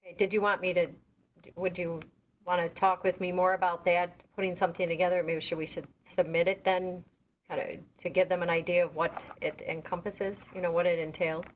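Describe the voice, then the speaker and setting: A woman dialed in on a tinny phone line with a faint hiss behind her. Her voice sits somewhat low. She asks polite, practical questions. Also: flat delivery, fairly quick. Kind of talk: conference-call meeting discussion.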